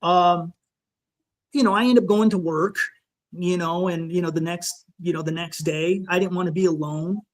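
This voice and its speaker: A man guest on a podcast, recounting a frightening personal encounter in a halting, emotional way, full of restarts and "you know". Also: high voice, fairly even intonation. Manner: shaken, emotional retelling.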